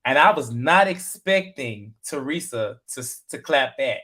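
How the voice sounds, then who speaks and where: A man co-hosting a casual reality TV recap show, talking in a chatty, animated way with lots of fillers and retold quotes. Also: mid-range voice, measured pace. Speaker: podcast co-host.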